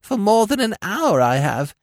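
A whining old beggar woman pleads in a high, sing-song voice, put on by a man reading the tale. Her delivery swoops and lilts. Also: sing-song, moderate pace, dry recording, studio quality.

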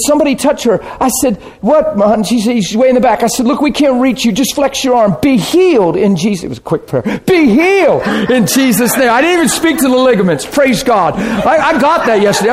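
A man's voice: very high voice, slight background noise. A man preaching a sermon, telling healing stories and acting out scenes with gasps and laughter. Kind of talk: sermon storytelling.

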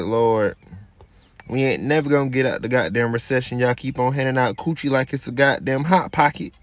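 Ranting casually on his own podcast, this brash, foul-mouthed host in his twenties keeps a moderate pace, and there's no echo. He slips into a low, relaxed murmur as he rolls a blunt.

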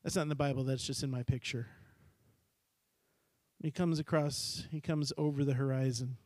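A man's voice: mid-range voice, normal speed, no room sound. A middle-aged man preaching a sermon, telling a story and acting out the characters' voices. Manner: animated, acts out characters' voices. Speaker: pastor.

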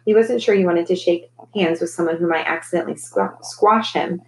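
A woman, a teacher, reading a children's novel aloud in a gentle, clear storytelling manner. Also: lowish voice, a little fast, slight background noise, poor audio.

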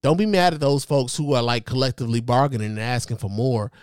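A man's voice: mid-range voice, fast, a little mellow, clear, resonant tone, no echo. A man hosting his own podcast, giving impassioned, profane solo commentary with lots of repetition and emphasis into a close mic. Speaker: podcast host.

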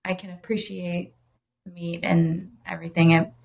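A woman's voice: fairly low pitch, level tone, normal speed, gravelly, a little mellow, muffled recording. A woman in casual conversation about food, talking with enthusiasm and plenty of fillers. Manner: chatty, enthusiastic, lots of fillers. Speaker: guest. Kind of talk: casual chat.

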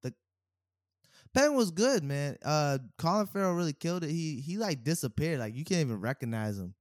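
A man co-hosting a podcast in casual chat, an animated storyteller who acts out quotes and laughs a lot. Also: on the high side, a little fast, no room sound, clean studio sound. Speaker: podcast co-host.

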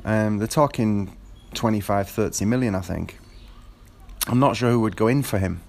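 Casting note: man, fairly low voice, casual rambling monologue, lots of ums and restarts. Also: normal speed, gravelly, a little mellow. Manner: rambling, with frequent fillers and restarts. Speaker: football fan.

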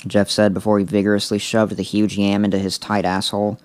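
A man co-hosting a podcast, reading a story aloud in a deadpan way with joking asides. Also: on the low side, fairly quick, few pauses, no room sound. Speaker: podcast co-host.

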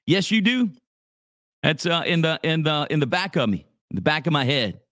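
Chatty, fairly high-voiced male radio host. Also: big pitch swings, moderate pace, fairly bright tone, no room sound, clean studio sound. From Louisiana. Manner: laid-back, chatty, says dude a lot. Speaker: radio morning show host. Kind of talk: casual live radio talk with ad reads. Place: small home office studio.

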